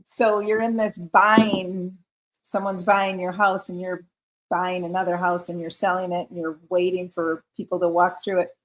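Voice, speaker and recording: A woman's voice: fairly low pitch, level tone, moderate pace. A woman hosting a live craft stream, chatting casually and reading viewer comments aloud. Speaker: craft livestream host. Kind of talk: casual livestream chat.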